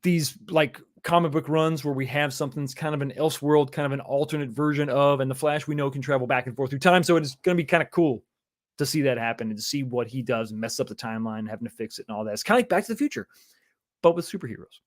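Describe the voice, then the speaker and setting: A man's voice: medium pitch, quick pace. A man, hosting a casual livestream and chatting through viewer comments in an easygoing way. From Texas, USA. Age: 40s. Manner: chatty and easygoing, with frequent chuckles and repeated phrases. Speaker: livestream host.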